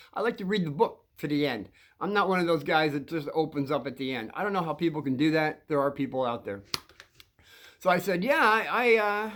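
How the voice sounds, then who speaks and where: With a slightly high, fairly bright voice, a man in his sixties tells children rambling stories as a show host. His storytelling meanders, full of sentence restarts and little chuckles.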